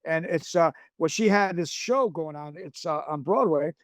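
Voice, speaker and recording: A man's voice: fairly high pitch, moderate pace, no room sound, studio quality. A man, a guest on a podcast, telling a long anecdote in a rambling way, with many restarts and acted-out quotes. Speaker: series creator guest. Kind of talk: podcast storytelling.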